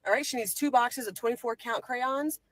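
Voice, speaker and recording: A woman's voice: fairly high pitch, a little fast, a bit bright, dry recording. Matter-of-fact woman reading prices. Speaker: parent listing school supplies. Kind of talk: shopping list monologue.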